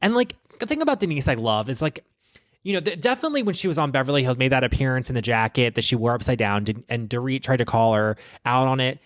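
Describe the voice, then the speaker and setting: A man rambling through gossip on his podcast, swearing often and stacking one aside on another. His voice sits at an ordinary middle pitch. The studio sound is close and dry, with no room echo. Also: fast. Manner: profane, rambling, animated. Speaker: podcast host. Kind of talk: casual gossip commentary.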